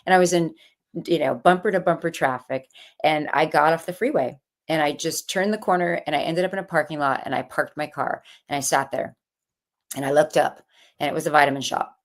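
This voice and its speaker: A Californian woman, an author appearing as a guest, tells her story in a low voice at a slightly fast clip. It's a casual interview, and she narrates animatedly, acting out the voices she quotes.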